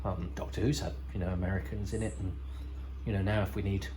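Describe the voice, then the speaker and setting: A man's voice: low voice, little pitch movement, fast, dark tone, slight background noise, rough recording. A man hosting a podcast, giving casual, rambling commentary over a TV episode with wry asides and frequent self-corrections. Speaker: podcast host.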